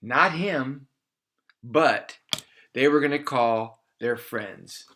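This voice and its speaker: A man spinning a made-up tale for children, sounding animated and playful. He stretches out key words for drama and keeps the telling loose and homemade, with a voice of ordinary middle pitch. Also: a little hiss or hum. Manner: animated, playful, slows for emphasis. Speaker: storyteller. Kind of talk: improvised children's story.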